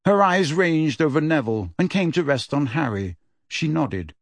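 A man narrating an audiobook in a measured, steady storytelling voice. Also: a little high, dry recording.

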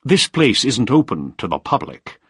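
A man's voice: mid-range voice, big pitch swings, normal speed, a bit bright, breathy edge, no room sound, studio quality, voice pushed up, heavily acted. A man doing a cold, evasive old scientist. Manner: dismissive, veiled threats.

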